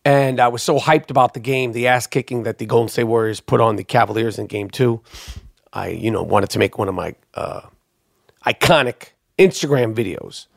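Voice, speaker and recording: A man hosting a podcast, telling a long story in a rambling, profane, excitable way. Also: mid-range voice, normal speed, creaky, no room sound, clean studio sound. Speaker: podcast host. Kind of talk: casual storytelling monologue. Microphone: podcast microphone.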